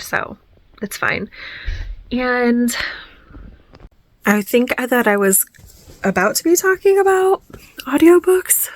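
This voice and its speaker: A woman who teaches, talking casually to her camera at home in a chatty, excitable way, trailing off and restarting her sentences and sometimes dropping to a whisper. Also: medium pitch. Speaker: teacher and vlog host. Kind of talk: casual diary vlog. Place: home room.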